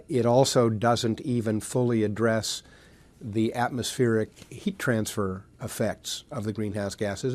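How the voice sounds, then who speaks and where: A man explaining climate science in a measured, halting way, with frequent pauses and fillers. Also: on the low side, a little mellow. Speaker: speaker in a played clip.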